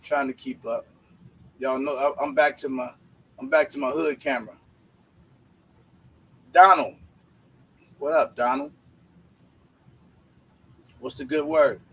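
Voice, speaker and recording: A man's voice: mid-range voice, fairly even intonation, slow, pauses often, fairly bright tone, breathy edge, rough recording. A man hosting a casual livestream, greeting viewers by name in laid-back slang. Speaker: livestream host.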